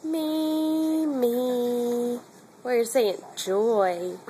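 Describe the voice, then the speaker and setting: A woman's voice: on the high side, steady tone, very slow, mellow, slight background noise. A woman cooing and encouraging a baby in a home video. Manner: cooing, encouraging, sing-song. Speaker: parent filming a baby.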